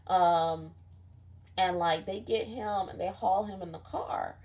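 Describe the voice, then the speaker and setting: Young woman w/ lowish voice rambling thru a dream story, lots of "like", cussing casually. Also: takes it slowly, a little mellow. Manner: rambling, profane, frequent "like" fillers. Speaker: vlogger recounting a dream.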